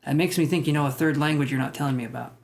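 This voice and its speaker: A young man hosts a live stream, reading comments and answering viewers in loose, meandering talk. His voice sits a little high for a man, and he jokes at his own expense. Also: steady tone, very fast, vocal fry, a little hiss or hum. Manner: rambling, self-deprecating, joking with chat. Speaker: tarot livestream host.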